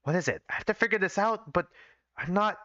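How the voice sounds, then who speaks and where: A man on a live stream reading his old fan fiction aloud, pausing to criticize his own writing and swearing casually. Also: sits high, lively intonation, pushed and bright, no echo, muffled recording. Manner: self-critical, swears casually, reads every part himself.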